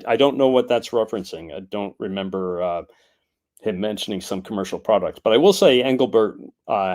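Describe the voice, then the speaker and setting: Brief: low-voiced male stream host; casual and hesitant, lots of ums while reading chat. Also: darkish tone. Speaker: live stream host presenting archival clips.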